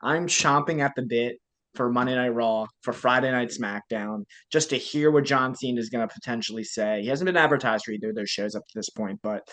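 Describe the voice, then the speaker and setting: A man co-hosting a casual wrestling podcast, talking enthusiastically in quick bursts. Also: mid-range voice, fairly bright tone, poor audio. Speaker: podcast co-host. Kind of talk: casual wrestling review chat.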